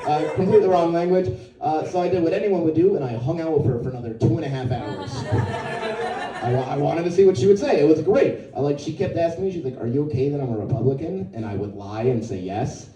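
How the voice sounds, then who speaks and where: A man doing a stand-up set, telling stories casually and dropping into lower voices to quote people. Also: expressive, fast, roomy sound, far from the mic, crowd noise, poor audio. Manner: conversational storytelling, quotes others in a lower voice. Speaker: stand-up comedian. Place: comedy venue with a live audience.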